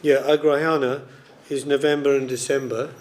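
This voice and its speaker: A man's voice: medium pitch, level tone, moderate pace, darkish tone, a little hiss or hum. Casual man explaining scripture. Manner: casual, explanatory with many fillers. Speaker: class leader.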